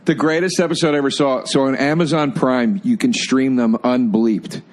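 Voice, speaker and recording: A man's voice: medium pitch, fairly even intonation, moderate pace, slight background noise. A man chatting casually, laid-back and swearing as he tells a story. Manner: laid-back, swearing, says "dude" a lot.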